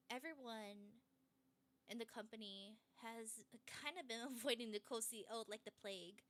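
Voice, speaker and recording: A woman streamer retelling a story in a casual, animated way, with many fillers. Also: medium pitch.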